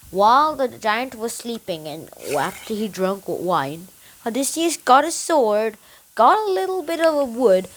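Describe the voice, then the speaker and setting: A young book reviewer excitedly retelling a story in a casual, animated way. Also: medium pitch, a little hiss or hum, rough recording.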